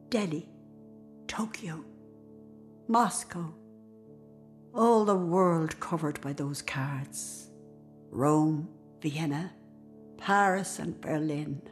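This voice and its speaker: An older woman with an Irish accent narrating and playing a devoted, outspoken old nanny in a radio drama. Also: deep voice. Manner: storytelling narration with lively, emphatic speech. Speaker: narrator and character.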